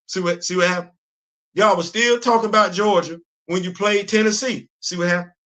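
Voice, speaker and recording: A man hosting a comedic live-stream commentary, talking in an animated, teasing, emphatic way. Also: high voice, brisk. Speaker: host.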